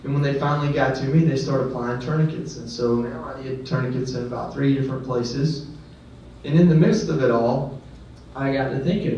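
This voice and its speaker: A man's voice: medium pitch, fairly even intonation, fairly quick, darkish tone. A man who is a guest speaker at a ceremony, telling a personal story in an earnest, conversational way with self-deprecating asides. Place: ceremony venue. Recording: echoey hall, distant mic, dull sound, faint background noise.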